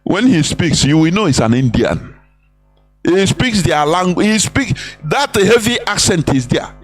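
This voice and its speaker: A man's voice: high voice, big pitch swings, a little slow, soft background music. A Nigerian-accented man giving an impassioned, preachy live broadcast talk, repeating phrases and slipping into pidgin and Igbo. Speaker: broadcast speaker.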